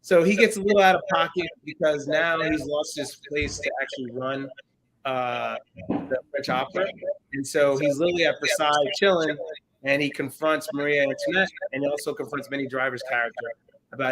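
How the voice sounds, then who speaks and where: Animated male podcast host. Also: fairly high pitch, brisk, slight background noise, low-quality recording. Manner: animated, storytelling, acts out quotes. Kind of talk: casual film review chat.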